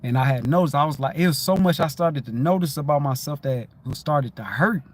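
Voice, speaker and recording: A man talking casually on a livestream, telling a story in a lively way, repeating himself and swearing freely. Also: fairly high pitch, fairly quick. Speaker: livestream host. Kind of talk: casual spiritual livestream talk.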